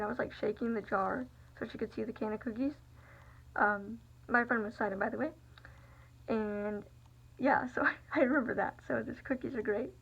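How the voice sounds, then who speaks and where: Give me a young woman with a slightly high, gravelly voice, recounting a personal story as a vlogger. She rambles in a confiding way, leaning on fillers. The recording sounds dull and lo-fi. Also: fairly even intonation, fairly quick, a bit bright.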